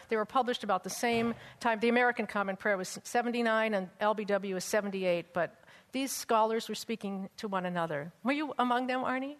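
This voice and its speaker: A woman teaching a class on church music and hymnals, chatty with teasing asides and breaking into chant and song for examples. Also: fairly high pitch. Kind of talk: hymnal lecture with sung examples. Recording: long hall reverb.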